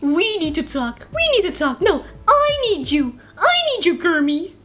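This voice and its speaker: A woman's voice: very high voice, big pitch swings, moderate pace, fairly bright tone, faint music behind, exaggerated voice. A woman putting on a pushy pig-puppet diva. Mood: dramatic. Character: haughty, dramatic female pig puppet diva.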